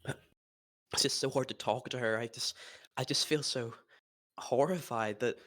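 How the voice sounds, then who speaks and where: A man playing his character in a tabletop role-play, talking haltingly and despairingly, with nervous laughs. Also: mid-range voice, fairly bright tone. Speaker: player.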